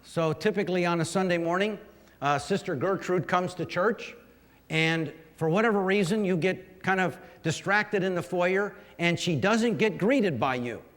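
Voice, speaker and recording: A man's voice: sits high, moderate pace, a bit bright. A man, a pastor, giving a folksy, humorous talk to fellow clergy, telling stories and teasing the audience. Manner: storytelling with humorous asides to the audience. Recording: long reverb of a large hall.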